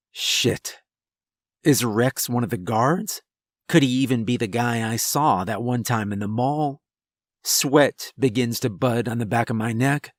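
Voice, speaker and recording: Slow, tense male horror narrator. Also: medium pitch, no room sound, studio quality. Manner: tense first-person storytelling. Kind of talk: scripted horror story narration.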